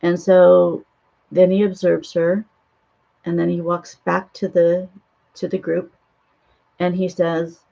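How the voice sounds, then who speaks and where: A woman's voice: on the low side, flat delivery, slow, gravelly, pauses often, mellow. A woman casually retelling a spiritual film in a rambling way, with many ums and restarts. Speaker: spiritual author and host. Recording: dull lo-fi sound.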